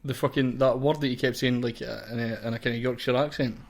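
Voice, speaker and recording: A man's voice: mid-range voice, steady tone, fast. A young Scottish man hosting a podcast in casual, sweary chat, laughing often with his co-host. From Scotland.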